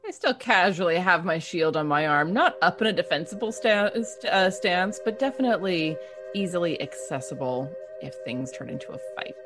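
Woman tabletop player, low voice, lively pitch, dry delivery. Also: moderate pace, few pauses, over music. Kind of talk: tabletop game play.

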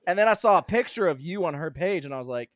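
Lively swearing man, podcast co-host, slightly high voice, dry sound. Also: fast talker, no echo. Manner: animated, profane, storytelling. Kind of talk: casual chat.

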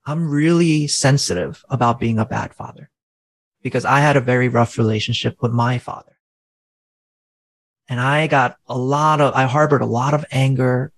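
A man's voice: mid-range voice, creaky, poor audio. A man in his thirties, a faith-based coach, earnestly explaining in casual conversation and often asking rhetorical questions.

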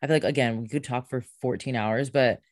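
A woman's voice: a bass voice, fairly even intonation, a little fast, darkish tone, no echo. Enthusiastic woman podcast guest, dry sound. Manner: enthusiastic, emphatic, chatty with "like". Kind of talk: casual podcast conversation.

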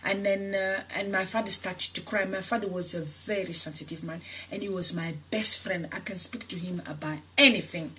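Her medium-pitched voice is bright and forceful, with fairly even intonation, a moderate pace and few pauses, plus a little hiss or hum. She's an activist guest, Senegalese and raised in France, telling her story earnestly and emotionally in an interview with many restarts.

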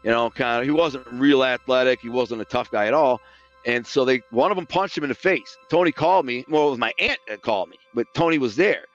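A man's voice: mid-range voice, brisk, a bit bright, lo-fi sound, soft background music. A man casually recounting his past in a streetwise, profane way, acting out what other people said. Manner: streetwise, profane, re-enacts quoted speech. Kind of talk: casual storytelling.

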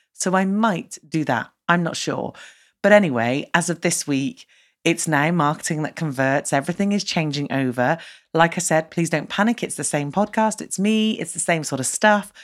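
A woman hosting her own podcast, talking solo in a chatty, rambling and upbeat way and laughing mid-sentence. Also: low-pitched. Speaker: podcast host.

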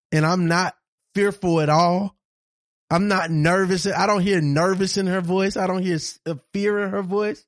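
Heated, profane man with a high voice. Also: no echo, studio quality. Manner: heated, profane, repeats points for emphasis. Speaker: podcast co-host. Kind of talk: casual chat.

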